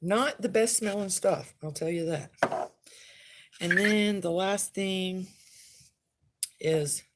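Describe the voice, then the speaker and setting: A woman making spell oils in a casual vlog, talking bluntly and plainly, with a relaxed down-home drawl. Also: deep voice. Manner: blunt and outspoken.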